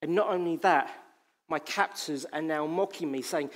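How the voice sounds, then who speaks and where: Male preacher, sermon, impassioned, emphatic, repetitive phrasing, slightly high pitch. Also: normal speed, a little hiss or hum.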